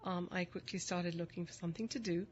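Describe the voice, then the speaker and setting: A woman guest with a mid-Atlantic accent blending British and Philadelphia tones, speaking in a low, composed and articulate way. The recording is dull and lo-fi, with faint noise underneath. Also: steady tone, fast. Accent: mid-Atlantic, mixed British and Philadelphia. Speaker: executive director, guest. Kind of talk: interview answers.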